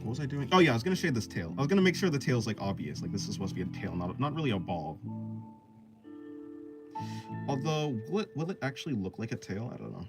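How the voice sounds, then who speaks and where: A young man with an American accent talks loosely while he draws. His pitch rises and falls a lot as he wanders through long explanations full of fillers and restarts. Plucked guitar music plays clearly behind him. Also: sing-song, fast. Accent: General American. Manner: rambling, many "like" fillers and restarts, explaining at length. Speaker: art streamer. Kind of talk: casual chat while drawing.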